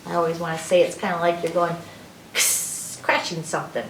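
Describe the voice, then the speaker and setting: A woman reading an alphabet picture book aloud to children, with drawn-out letter sounds. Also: fairly low pitch, level tone, reverberant, recorded from a distance, slight background noise, rough recording. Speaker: librarian storyteller.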